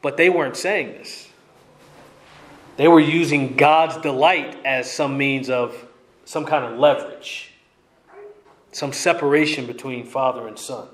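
A man's voice: mid-range voice, fairly even intonation, measured pace, pauses often, roomy sound. A man preaching an expository sermon, emphatic and repeating his key lines for weight.

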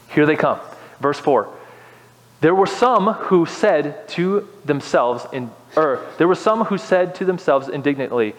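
Animated young man preaching in a hall. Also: a little high, unhurried. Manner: animated, rises to impassioned preaching. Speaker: pastor. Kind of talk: sermon.

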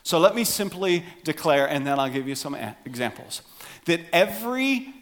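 Animated high-voiced man preaching. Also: moderate pace. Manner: animated, acts out voices for emphasis. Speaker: pastor. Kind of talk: sermon.

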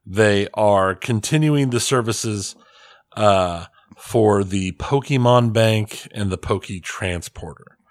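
A man co-hosting a podcast in casual chat, wry and relaxed as he goes over the news. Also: fairly low pitch, slow, no room sound, studio quality. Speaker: podcast co-host.

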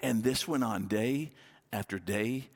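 A man preaching a sermon from the pulpit at a middle pitch. He tells the story lively, stepping into the characters' voices as he goes. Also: a little slow. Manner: storytelling, acting out biblical dialogue. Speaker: pastor.

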